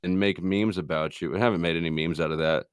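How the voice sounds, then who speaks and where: A man's voice: low voice, steady tone, quick pace, crowd noise. A middle-aged man arguing his views as a guest in a casual stream debate. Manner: argumentative, opinionated.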